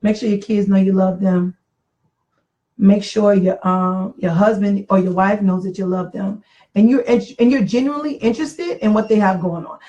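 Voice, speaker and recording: A woman's voice: mid-range voice, steady tone, moderate pace, mellow, muffled recording. A middle-aged woman in casual talk about marriage, earnest and reflective, repeating phrases for emphasis. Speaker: podcast co-host.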